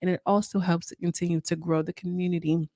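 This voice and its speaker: A woman's voice: on the low side, flat delivery, fast talker, warm tone, dry recording, clean studio sound. A woman hosting a casual recap vlog, reviewing a reality TV episode with chatty, sassy asides.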